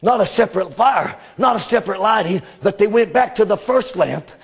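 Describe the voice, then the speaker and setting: Man, middle-aged, preacher, gravelly, high-pitched, fervent shouting sermon. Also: lively intonation, fairly quick. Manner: fervent, rising into shouted exclamations.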